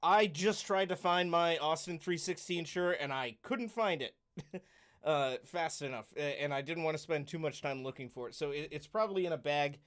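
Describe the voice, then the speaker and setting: Man, podcast co-host, casual chat, easygoing, agreeable, slightly high voice. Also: moderate pace, a bit bright.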